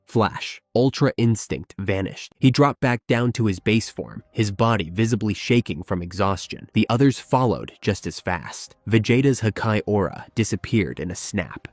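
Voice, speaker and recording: Low-voiced dramatic male storyteller. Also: darkish tone, no room sound. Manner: slow, emphatic, with weighty pauses. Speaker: narrator. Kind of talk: dramatic fan-fiction narration. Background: faint background music.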